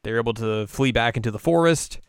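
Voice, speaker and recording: A young man with a smooth, clear voice recaps an episode in casual chat. He jokes along the way, recorded close and dry. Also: medium pitch, a little fast, no echo. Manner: chatty, jokey retelling. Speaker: podcast co-host.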